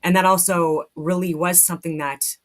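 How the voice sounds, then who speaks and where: A woman's voice: fairly low pitch, fairly even intonation, normal speed. A woman from Canada giving casual spoken commentary, talking animatedly with frequent restarts and free swearing.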